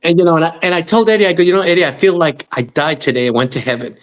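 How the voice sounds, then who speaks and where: Middle-aged male storyteller guest, fairly high voice, lively, slips into quoted voices. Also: rapid-fire. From Los Angeles. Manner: animated, acts out quoted voices. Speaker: musician guest. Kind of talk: storytelling in interview.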